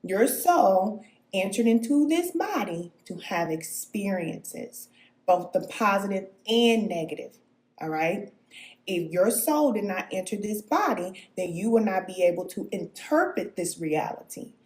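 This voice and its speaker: A woman's voice: mid-range voice, animated, measured pace, darkish tone, echoey room. A woman giving a live-streamed spiritual talk as a spirit guide, answering viewer comments, emphatic and preachy, often checking in with "okay?" and chuckling. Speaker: self-described spirit guide.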